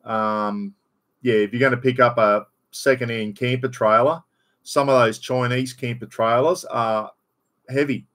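A man's voice: medium pitch, steady tone, measured pace, fairly bright tone. An Australian man hosting a casual live stream, rambling in a matey way, greeting viewers by name and swearing bluntly. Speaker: livestream host.

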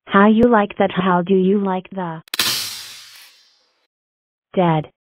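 A woman's voice: mid-range voice, steady tone, slow pace, phone-quality sound, background noise, natural voice. A woman voicing a vengeful, bossy girl enemy who threatens and mocks. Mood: threatening. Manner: threatening, mocking.

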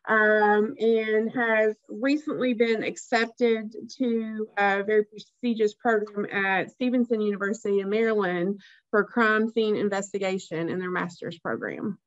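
A woman's voice: mid-range voice, steady tone, measured pace, dry recording, lo-fi sound. A woman school district educator telling a student story on a webinar, emotional and hesitant with many ums. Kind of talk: webinar panel talk.

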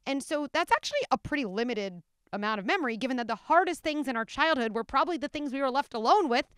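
A woman who is an expert guest on a podcast, giving careful, measured explanations. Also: high-pitched, animated, fairly bright tone, clear, resonant tone, no room sound, studio quality. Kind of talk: conversational interview.

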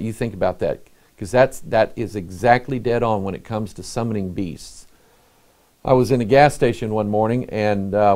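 A man's voice: lowish voice, darkish tone. Folksy man preaching a sermon. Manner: folksy, conversational preaching with rhetorical checks; reads King James scripture aloud. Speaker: pastor. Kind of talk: sermon teaching with scripture reading.

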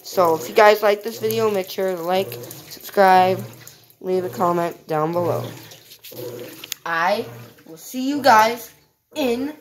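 A woman's voice: mid-range voice, takes it slowly, pauses often, a little hiss or hum, rough recording. A woman hosting her own channel, chatting casually to viewers while filming a washing machine at home on her phone. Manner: chatty, addresses viewers directly. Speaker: channel host. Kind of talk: casual home video vlog. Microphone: phone camera.

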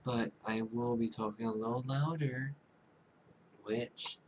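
A man casually commentating a game he is playing, soft-spoken and rambling, making fun of himself. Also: mid-range voice, fairly even intonation, takes it slowly, noisy background. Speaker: gaming YouTuber. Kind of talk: casual let's-play commentary.

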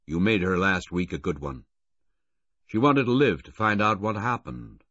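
A man reading the part of a middle-aged racing official in an audiobook, earnest and steady. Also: low-pitched, no room sound, lo-fi sound, exaggerated voice. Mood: grieving. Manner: earnest, halting when grieving.

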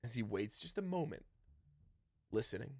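Halting dungeon master, dry close mic. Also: male voice, mid-range voice, sing-song, no room sound. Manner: descriptive, halting, with many fillers. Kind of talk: narrating a tabletop game.

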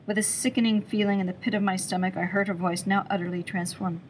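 A woman's voice: medium pitch, fairly even intonation, fast talker, a little hiss or hum, low-quality recording. Brief: woman storyteller, chapter book read-aloud, mid-range voice. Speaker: reader.

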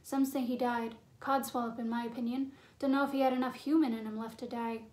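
A woman's voice: fairly high pitch, level tone, fairly quick, a little mellow, echoey room, lightly acted. A woman reading aloud, voicing a blunt, folksy giant groundskeeper. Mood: gruff.

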